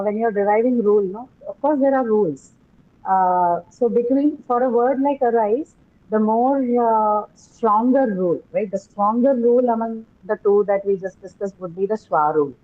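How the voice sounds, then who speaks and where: A woman's voice: fairly high pitch, moderate pace, narrow, tinny audio. A woman teaching English pronunciation in a class, explaining patiently and often checking in with "right?". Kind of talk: classroom lecture on word stress.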